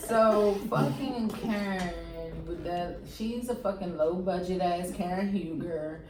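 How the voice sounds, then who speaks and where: A woman's voice: lowish voice, fairly even intonation, slow, roomy sound, distant mic, loud music behind the voice, poor audio. A woman co-hosting a casual chat podcast, blunt and crude in her remarks. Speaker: podcast co-host.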